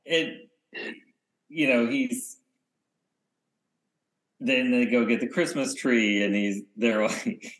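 A man co-hosting a podcast in casual chat, rambling and often trailing off into quiet mumbles. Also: medium pitch, steady tone, slow, long pauses. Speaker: podcast co-host.

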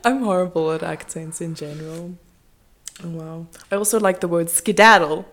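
A woman's voice: fairly low pitch, moderate pace, a bit bright. A woman co-hosting a podcast in casual chat, laughing often as she talks. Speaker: podcast co-host.

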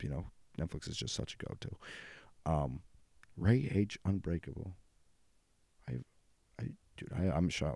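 A man's voice: low-pitched, dark tone, dry recording, studio quality. A young adult man hosting a casual solo podcast, rambling loosely and swearing freely. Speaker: podcast host.

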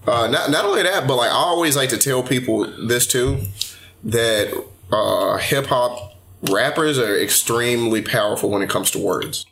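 A man's voice: mid-range voice, normal speed, a bit bright. A man hosting a casual podcast chat, steering topics in a loose, chatty way.

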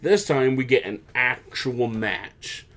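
A man talking casually as a show co-host, recapping events with animated, rambling energy. He fills his speech with likes and restarts, at an ordinary mid pitch. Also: takes it slowly. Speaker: podcast co-host. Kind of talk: casual chat.

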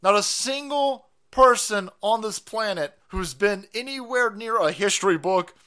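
A man's voice: high-pitched, a little slow, pushed and bright. A man hosting a live stream, ranting in a profane, mocking way and laughing often.

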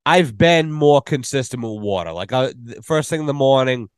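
A man's voice: medium pitch, animated, normal speed, clear, resonant tone, dry recording, clean studio sound. A man hosting a podcast, telling rambling, profane stories in casual chat. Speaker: podcast host.

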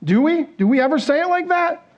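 A pastor with a fairly high, expressive voice gives a brisk sermon from a church stage, speaking to the congregation as if chatting with them. He keeps asking questions and acting out quoted inner thoughts, and the audio sounds slightly dull and lo-fi.

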